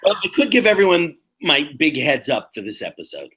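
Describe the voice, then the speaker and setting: A man in his sixties co-hosting a podcast in casual chat, musing and opinionated with drawn-out phrasing. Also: on the high side, wildly swooping pitch, fairly bright tone, husky. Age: 60s. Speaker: podcast co-host.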